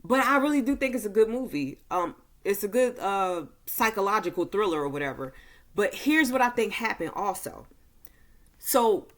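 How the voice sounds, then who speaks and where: Slow, easygoing woman recapping a film. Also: lowish voice, fairly bright tone. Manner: slow, easygoing delivery with many fillers. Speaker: movie reviewer. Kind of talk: casual film recap and review.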